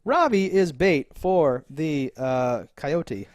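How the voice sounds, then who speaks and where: A man co-hosting a casual TV episode review, talking in a rambling, animated way with lots of fillers, restarts and laughs. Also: fairly high pitch, slow, dry recording, clean studio sound. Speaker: podcast co-host reviewing a TV episode.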